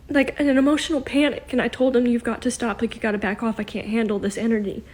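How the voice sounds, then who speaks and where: A shaken, emotional woman speaking haltingly as a psychic, often dropping into a whisper. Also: on the high side, flat delivery, a little mellow. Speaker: self-described psychic vlogger. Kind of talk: emotional spoken channeling.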